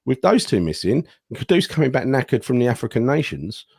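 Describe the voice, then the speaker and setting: A man's voice: mid-range voice, brisk, vocal fry, husky, no echo, studio quality. A man co-hosting a football podcast, chatting casually and bluntly with lots of questions. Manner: animated, questioning, blokey. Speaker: podcast co-host.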